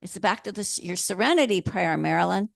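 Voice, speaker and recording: A woman minister giving a sermon in a gentle, playful way, laughing often. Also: mid-range voice, animated, brisk, creaky, dry recording, clean studio sound.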